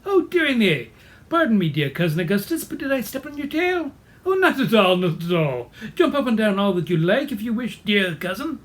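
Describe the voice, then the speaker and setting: Tiny cartoon mice chattering in a high, prim, posh British voice, as a man puts them on, all fussy politeness and dainty fret. They sound comically dainty and genteel. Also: very animated, moderate pace. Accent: put-on posh British.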